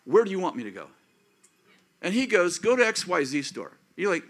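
A man of fifty or older preaching a sermon as pastor, acting out prayers and inner thoughts in an animated way. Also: sits high, fairly quick. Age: 50s or older.

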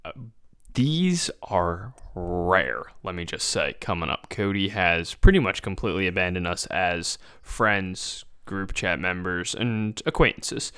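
A man's voice: sits low, animated, unhurried, sharp tone, smooth. A man co-hosting a casual comedy podcast, telling a story about a friend with mock exasperation. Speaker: podcast co-host.

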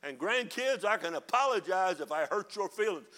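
An older man preaching a fiery sermon, building to shouted passages. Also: sits high, expressive, normal speed. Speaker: pastor.

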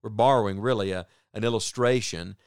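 A man's voice: fairly low pitch, fairly quick, clean tone, no echo, studio quality. A man teaching from the Bible on a radio program, reading verses aloud and explaining them in an earnest, pastoral way. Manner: earnest, reads scripture aloud then explains it.

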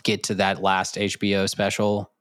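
A man's voice: fairly low pitch, completely flat delivery, moderate pace, a bit bright, dry recording, clean studio sound. A man co-hosting a podcast in casual chat, rambling through a list of trivia with many fillers. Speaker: podcast co-host.

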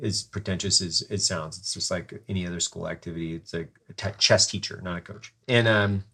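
A man's voice: low voice, fairly even intonation, fairly quick, creaky, sharp tone, slightly rough. A man hosting a podcast, telling a rambling story and swearing freely in casual chat.

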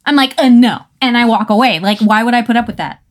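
A woman's voice: on the high side, fast. A woman playing along in an improvised comedy scene, sarcastic, exasperated and profane. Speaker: improv player. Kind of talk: improvised comedic role-play.

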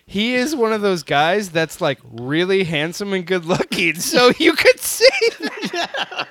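A man's voice: high-pitched, very animated, measured pace, a bit bright, dry recording. A man co-hosting a podcast, telling a long story in casual chat, laughing often and using many fillers. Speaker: podcast co-host.

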